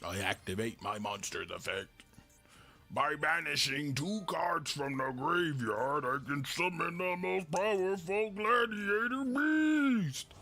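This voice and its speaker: A man streaming a card game live, loud and playful, laughing and breaking into sudden high shouts and mock-preachy lines. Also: expressive, slow, vocal fry, faint music behind. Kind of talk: live gameplay commentary.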